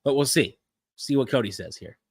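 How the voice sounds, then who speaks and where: A man's voice: medium pitch, lively intonation, brisk, vocal fry, breathy edge, no echo. A man hosting a casual wrestling-watch live stream, rambling with frequent restarts and easy chuckles. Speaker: podcast host.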